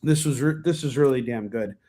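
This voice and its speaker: Speaking briskly in a mellow, medium-pitched voice, a stream host rambles enthusiastically through his comic reviews. Fillers, restarts and occasional coughs run throughout.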